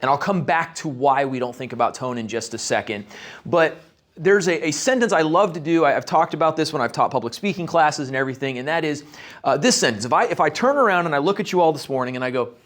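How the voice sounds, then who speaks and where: A man's voice: fairly high pitch, quick pace, a bit bright. A man giving a short leadership talk to a live networking group, chatty and asking the audience questions. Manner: conversational, asks the audience questions. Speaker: leadership speaker. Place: meeting room with a live audience.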